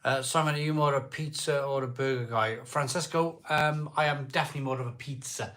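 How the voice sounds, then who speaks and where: A man's voice: mid-range voice, a little fast, fairly bright tone. A middle-aged man from South Wales with a Welsh accent, casually chatting on a live beer-drinking stream and answering viewers' comments in a jokey way.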